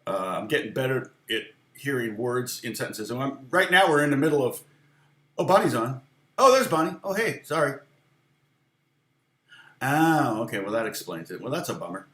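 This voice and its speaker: A man's voice: mid-range voice, expressive, normal speed, a bit bright, roomy sound. Chatty, laughing male guitar teacher. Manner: chatty and self-deprecating, laughs often. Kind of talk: casual live-stream guitar lesson, chatting with viewers.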